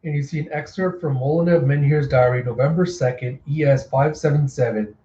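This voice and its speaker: Man reading manga aloud, casual, mellow; echoey room, dull lo-fi sound. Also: on the high side, fairly quick, slight background noise. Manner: plain narration with a few slips. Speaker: reader. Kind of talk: casual manga readthrough narration.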